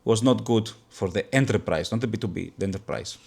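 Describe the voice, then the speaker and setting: Low-voiced man hosting a business chat. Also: creaky, darkish tone, husky. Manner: thoughtful, halting restarts. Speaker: podcast host. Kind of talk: casual business conversation.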